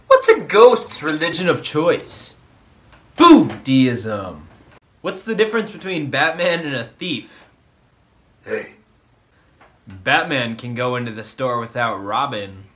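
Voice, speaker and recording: A man delivering short pun jokes one after another, with quick voiced asides. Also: mid-range voice, big pitch swings, fairly bright tone. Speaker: comedy video host. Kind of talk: deadpan one-liner joke delivery.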